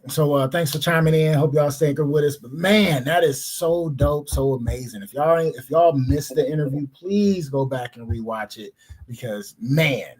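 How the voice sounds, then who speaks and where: A man's voice: a little high, moderate pace, a little mellow, slightly rough. A young man hosting a podcast, talking in a laid-back, slangy way and reading out viewer comments. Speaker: podcast host. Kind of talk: casual chat.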